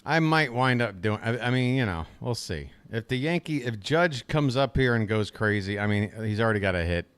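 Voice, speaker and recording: A man's voice: medium pitch, animated, normal speed, few pauses, a bit bright, clear, resonant tone, dry recording. A man doing casual live-stream baseball commentary, rambling and crude, talking to himself between plays.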